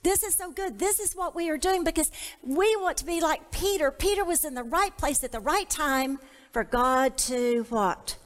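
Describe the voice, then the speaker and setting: A woman's voice: sits high, normal speed, big-room sound. A woman teaching a Bible study to a women's group, emphatic, with call-and-response lines.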